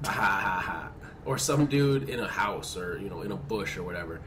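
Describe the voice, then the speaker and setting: A man's voice: sits low, normal speed, fairly bright tone, a little hiss or hum. A man with a cold and a nasal-sounding voice, joking around while co-commentating a shooter match. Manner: joking, teasing banter. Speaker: gameplay co-commentator. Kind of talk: casual gaming commentary.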